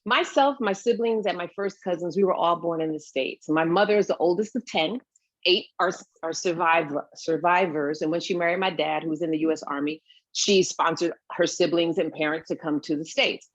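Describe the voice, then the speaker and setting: Animated storytelling woman, lo-fi dry sound. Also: lowish voice, normal speed, no echo. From Brooklyn, New York. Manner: animated storyteller, acts out quoted voices. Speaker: actress guest. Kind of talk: casual interview chat.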